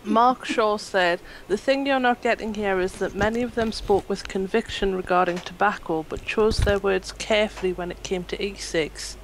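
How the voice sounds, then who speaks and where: A woman's voice: mid-range voice, fairly even intonation, moderate pace, hardly any pauses, slight background noise, rough recording. A woman on a live panel show reading viewer comments aloud in a matter-of-fact, lightly amused way. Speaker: chat reader.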